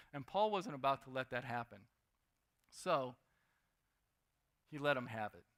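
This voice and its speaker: Man, young adult, preacher, bright voice, a little high, lively with loud and quiet turns. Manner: lively, shifts between loud emphasis and quiet asides. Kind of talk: sermon.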